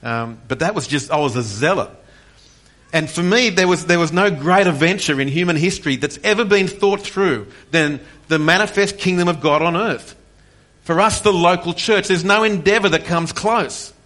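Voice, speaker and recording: A pastor in his forties preaches a passionate sermon built on personal testimony, climbing to near-shouts on key points and frequently restarting his sentences. His voice is fairly high and his pace moderate.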